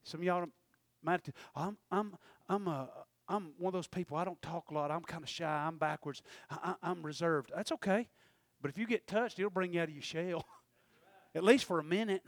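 Preacher man with a high voice. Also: no room sound. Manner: preaching with sudden shouted peaks and quick asides. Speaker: pastor. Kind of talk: sermon. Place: church.

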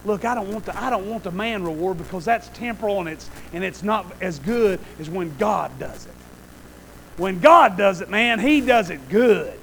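Male preacher with a very high voice, folksy and animated, calls out for amens, shifts from murmur to shout. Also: moderate pace, vocal fry, a little hiss or hum, rough recording. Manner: folksy, animated, keeps asking the congregation "Amen?"; swings between quiet asides and loud shouted bursts. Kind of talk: sermon.

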